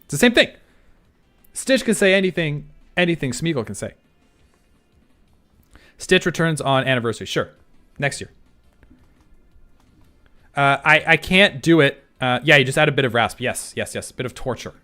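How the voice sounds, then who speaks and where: A young male streamer chats casually with his viewers and pokes fun at himself. His pitch moves around a lot as he rambles through restarted sentences. Faint music plays underneath. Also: expressive, normal speed, pauses often, pushed and bright. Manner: self-deprecating, rambling restarts. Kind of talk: casual livestream chat.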